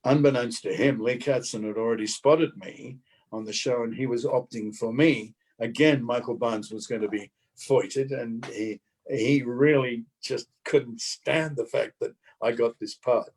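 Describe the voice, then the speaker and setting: Australian guy in his 70s telling old showbiz stories, animated, normal pitch. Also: measured pace, breathy edge. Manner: lively, acts out other people's lines in quotes. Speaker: guest actor. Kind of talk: anecdotal storytelling.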